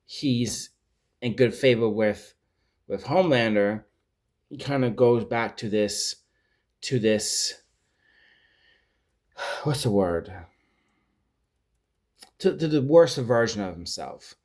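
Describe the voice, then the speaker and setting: A male vlogger casually recapping a TV series, rambling and animated, often searching for words. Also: medium pitch, takes it slowly, long pauses. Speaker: pop culture vlogger.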